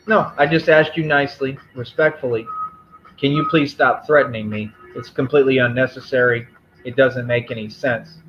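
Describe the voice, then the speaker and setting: Male streamer, mid-pitched, confrontational lecturing tone, dull lo-fi audio. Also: slight background noise. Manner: confrontational, firm and repetitive, lecturing. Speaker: livestream host. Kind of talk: live stream rant to chat.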